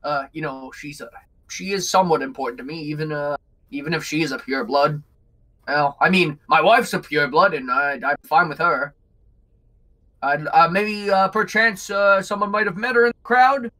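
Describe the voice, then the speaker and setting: A man's voice: fairly high pitch, moderate pace, bright, forceful tone, poor audio. A man voicing a snobbish, disdainful male snake-headed leader who sneers and sighs. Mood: grudging. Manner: sneering, haughty, weary sighs. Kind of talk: voicing a character in a tabletop game.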